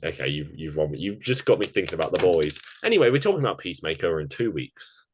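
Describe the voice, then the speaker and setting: Low-voiced man reading award picks. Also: big pitch swings, noisy background. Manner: chatty, running through award picks in quick lists. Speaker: podcast co-host. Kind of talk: casual chat.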